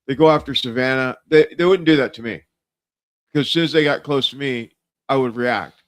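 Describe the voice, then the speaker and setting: A man hosts a casual political talk show on a livestream, rambling with plenty of fillers and restarts. His voice is mid-range and fairly bright, and he talks a little fast.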